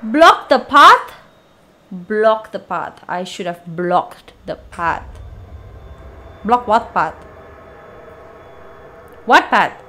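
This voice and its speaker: A woman gamer playing a horror game, panicky and swearing, pleading out loud with the monster chasing her. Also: on the low side, drawn-out words, long pauses, low-quality recording. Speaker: let's play gamer.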